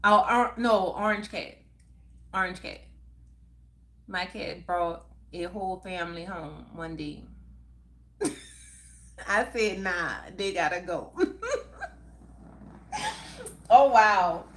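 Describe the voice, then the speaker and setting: Her voice is mid-range with a fairly bright tone. As a middle-aged woman hosting a live stream, she reads viewer comments aloud and chats casually, laughing often and drawing out her words in a relaxed, unhurried way.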